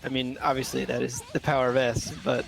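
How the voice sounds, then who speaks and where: A man giving color commentary on a fighting game tournament from home, relaxed and joking with his partner. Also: mid-range voice, brisk, creaky. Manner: relaxed, laughs often, joking. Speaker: esports co-commentator.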